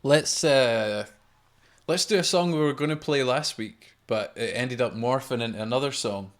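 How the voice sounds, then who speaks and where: A Scottish man with a mid-range voice who introduces songs in an easygoing way. His tone is relaxed and conversational, like someone chatting between numbers on a live stream. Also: mid-range voice, normal speed. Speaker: folk band member. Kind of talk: casual live-stream chat.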